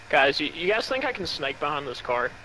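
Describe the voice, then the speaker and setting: A young man chatting casually while playing an online shooter, excitable, laughing and swearing as he goes. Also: fairly high pitch, moderate pace, a little hiss or hum, low-quality recording. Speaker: gaming channel host. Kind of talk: casual gameplay chat.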